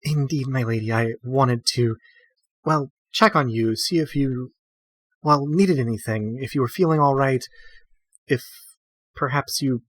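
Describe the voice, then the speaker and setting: A man voicing a flustered, eager young woman attendant in a tabletop game, speaking in halting, hesitant phrases. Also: mid-range voice, a bit bright, breathy edge, dry recording.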